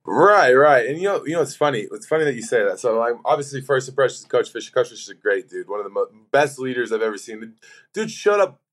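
A young man guesting on a podcast, a football player with an ordinary middle-range voice. He tells his stories in a loose, animated way, full of fillers and restarts, and he gets caught up in the retelling. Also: medium pitch, fast talker. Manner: animated, filler-heavy anecdote telling. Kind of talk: casual storytelling.

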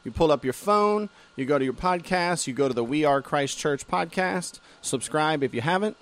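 Lively pastor chatting. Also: male voice, on the high side. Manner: animated and playful, reads quotes slowly. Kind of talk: casual podcast chat.

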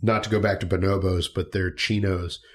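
A man co-hosting a podcast in casual chat, talking in a relaxed, agreeable way with plenty of fillers and restarts. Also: low voice, brisk. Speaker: podcast co-host.

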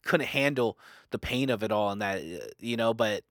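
A man's voice: lowish voice, normal speed, fairly bright tone, dry recording, clean studio sound. A young man in casual book talk, rambling with many fillers and restarts. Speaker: book discussion co-host.

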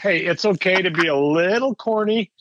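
A man's voice: high-pitched, moderate pace, lo-fi sound, noisy background. A man co-hosting a church podcast in casual chat, agreeable and easygoing.

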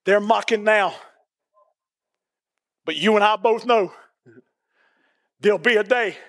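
A middle-aged male pastor delivers a sermon with emphatic repetition and sudden shouting. His voice is strikingly high and bright. It rings through a reverberant church sanctuary. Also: slow.

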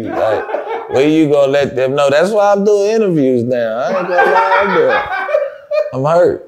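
A man's voice: a little high, moderate pace, heavy background noise. A man as an interview guest, telling a story casually, swearing a lot and laughing through it. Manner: animated storyteller, profane, often laughing.

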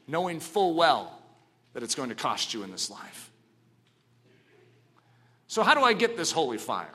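Man preaching, lively pitch, bright forceful tone, dramatic storytelling, hushed to ringing. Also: moderate pace, long pauses. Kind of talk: sermon.

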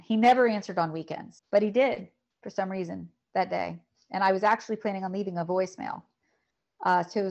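A woman's voice: mid-range voice, darkish tone, highs cut off. Woman telling a painful personal story. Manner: emotional, halting, repeats words. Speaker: podcast guest. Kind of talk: personal story in a podcast conversation.

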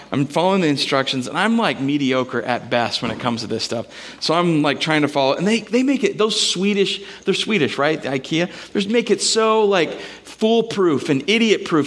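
A man's voice: fairly high pitch, fairly bright tone. A man, a pastor, preaching a sermon in a casual, conversational way, mixing scripture with personal stories.

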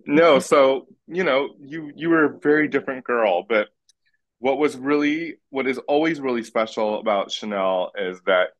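A man's voice: medium pitch, normal speed. A man in casual podcast chat, blunt and teasing, swearing freely as he talks. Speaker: podcast guest.

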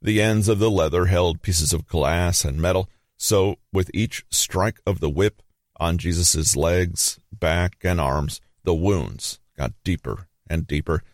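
A man reading a scripted Bible story as narrator, measured and grave, with dramatic pauses. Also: low voice, no echo, clean studio sound.

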